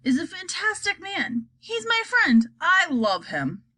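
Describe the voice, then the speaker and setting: A woman's voice: extremely high pitch, huge pitch swings, takes it slowly, bright, forceful tone, no room sound, voice pushed up, exaggerated voice. Charlie, read by a woman. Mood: earnest. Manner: pleading and sincere. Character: earnest, loyal young boy.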